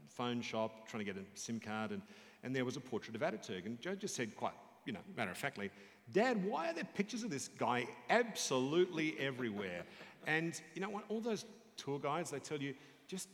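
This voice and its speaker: A man's voice: mid-range voice, a little fast. A middle-aged Australian author speaking at a live book event, telling anecdotes and acting out voices as he goes. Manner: storytelling, animated quoted voices. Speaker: author and broadcaster. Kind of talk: public book talk, reading and answering questions. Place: university hall, live audience. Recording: reverberant hall.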